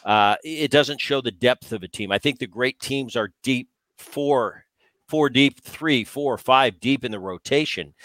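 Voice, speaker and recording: A man who is a former player and co-host, talking baseball in casual, animated chat full of restarts. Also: medium pitch, no echo. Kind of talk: casual sports talk.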